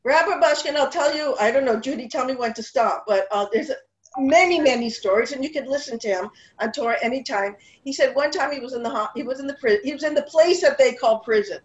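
High-voiced woman, lively and rambling. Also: fast. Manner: animated, rambling with restarts, sprinkles Hebrew and Yiddish words. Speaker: speaker at a women's Torah class gathering. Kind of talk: casual heartfelt talk. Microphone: video call. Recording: dull lo-fi video call audio with room echo.

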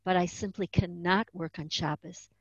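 A woman voicing a polite but firm teenage girl who speaks softly and respectfully. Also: fairly low pitch, fairly even intonation, moderate pace, husky, no echo. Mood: firm pleading. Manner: soft-spoken and respectful but resolute. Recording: dull, muffled dry recording.

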